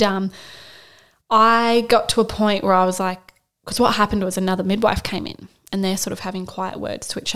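A woman's voice: medium pitch, a bit bright. A woman in her thirties, a podcast co-host, candidly telling her birth story in casual chat and quoting herself with bursts of emotion.

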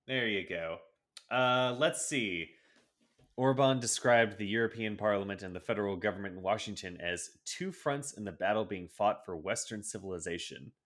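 A man's voice: on the low side, normal speed, fairly bright tone. A man co-hosting a podcast, reading news items aloud with sarcastic, wry asides in a casual chat. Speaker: podcast co-host.

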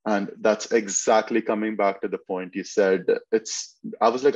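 A man's voice: lowish voice, fairly even intonation, normal speed, few pauses, a little mellow, no echo, dull audio. A man guest on a podcast, chatting casually and telling long stories with restarts. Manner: storytelling, lots of restarts and fillers. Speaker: bodybuilder guest.

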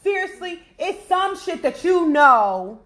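Animated high-voiced woman podcast host. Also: takes it slowly. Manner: animated, laughing, talking to listeners. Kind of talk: casual chat.

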